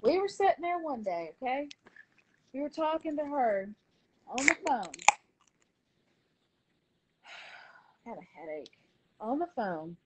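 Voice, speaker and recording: Woman, high voice, defensive and repetitive, live video chat. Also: sing-song, normal speed, a little hiss or hum. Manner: defensive, repetitive storytelling, cusses. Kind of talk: casual heated chat.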